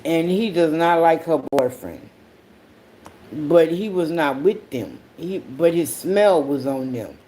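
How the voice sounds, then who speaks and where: A host telling a story in a casual monologue, full of cursing and laughter. The voice is warm and unhurried, and it jumps high when exasperated. A faint hum of noise sits under the voice. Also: animated. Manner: profane, blunt, with sudden high-pitched outbursts. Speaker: podcast host.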